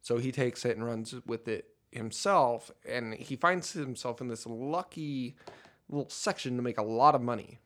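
A man co-hosting a casual movie podcast, rambling and animated as he talks. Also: mid-range voice, moderate pace. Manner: rambling, animated, laughs often. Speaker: podcast co-host.

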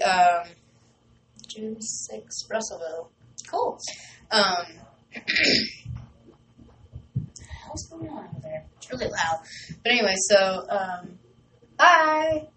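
A young woman DJ in a small radio studio, chatting casually and gushing excitedly, with lots of fillers as she rambles. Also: mid-range voice. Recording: distant mic with faint background noise.

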